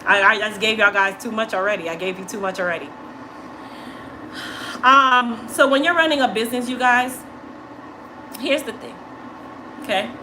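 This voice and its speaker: A woman's voice: on the high side, normal speed, long pauses, bright, forceful tone, slight background noise, rough recording. A woman who owns a hair care business, telling viewers a story in an assertive, emphatic manner and often checking in with "okay?".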